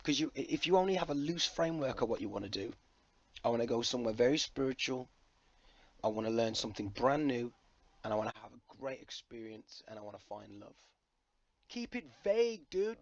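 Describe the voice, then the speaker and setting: A man's voice: mid-range voice, fairly quick, muffled recording. A man talking to camera in a loose, rambling, jokey monologue, swearing freely. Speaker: vlogger.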